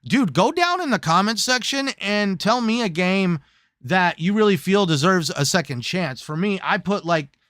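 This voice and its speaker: Smooth-voiced joking man hosting. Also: sits high, moderate pace, dry recording, clean studio sound. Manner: lively, joking, slips into silly put-on voices. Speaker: host. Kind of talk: casual gaming chat show.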